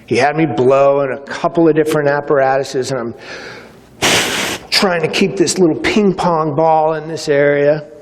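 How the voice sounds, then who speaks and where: A man's voice: a little high, moderate pace. A middle-aged man from Massachusetts giving a keynote talk, telling personal stories with energy and acting out quotes. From Massachusetts, USA. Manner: energetic storytelling with acted-out quotes. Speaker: keynote speaker. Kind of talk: motivational speech with personal stories. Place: conference hall, on stage. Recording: long hall reverb.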